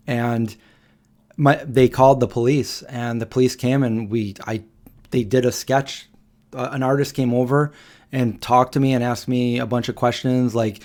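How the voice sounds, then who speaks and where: A man in his forties hosts a casual late-night live stream, telling a story at an unhurried, halting pace. He circles back, restarts phrases and fills pauses with ums, in a plain mid-range voice. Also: mid-range voice, a little mellow. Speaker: livestream host.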